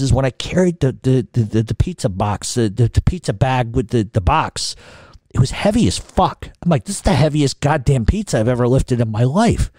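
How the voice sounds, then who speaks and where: Middle-aged male podcast host, loose profane storyteller, mellow tone. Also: mid-range voice, no echo. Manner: profane, rambling, with many restarts. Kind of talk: casual storytelling.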